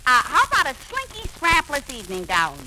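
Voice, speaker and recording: Brash, scheming comic gal. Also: female voice, high-pitched, huge pitch swings, a little fast. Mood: wheedling. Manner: brash, theatrical, flustered when caught out. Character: scheming, bossy, excitable young woman. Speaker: comic lead. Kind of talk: 1940s radio comedy acting. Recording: hissy 1940s radio recording.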